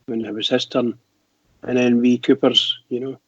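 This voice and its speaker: A man's voice: mid-range voice, level tone, moderate pace, husky, dry recording. A man co-hosting a fan radio show, hesitant, stumbling and repeating his words. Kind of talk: casual fan radio chat. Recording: dry, dull lo-fi line.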